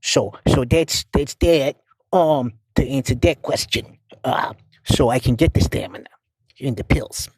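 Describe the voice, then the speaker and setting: Speaking at a measured pace with a medium pitch and a breathy edge, a man voices a flustered middle-aged accountant who stammers and repeats himself through a rambling voicemail. There's no echo.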